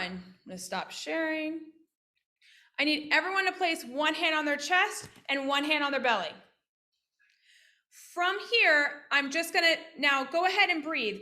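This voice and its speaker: High-pitched woman pt teaching on a video call, bright voice, lively, keeps throwing questions. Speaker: physical therapist teaching workshop skills. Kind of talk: casual online teaching with role-played examples.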